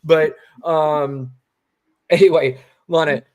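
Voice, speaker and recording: A man's voice: on the high side, steady tone, takes it slowly. Blunt, swearing man co-hosting a political show. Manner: blunt, swearing, reads quotes aloud. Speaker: co-host. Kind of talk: casual political commentary.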